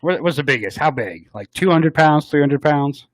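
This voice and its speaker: Teasing male radio co-host, lively pitch. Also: normal speed, dry recording. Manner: teasing, ribbing co-hosts. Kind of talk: casual radio banter.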